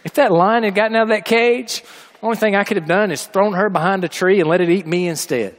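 A man preaching a sermon as pastor, telling family stories and building to loud emphatic peaks. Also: sits high, fairly quick.

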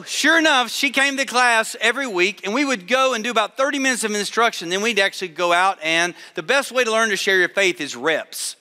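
A man preaching a sermon to a live audience, telling a story with animated voices for the people in it. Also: high voice, long reverb tail.

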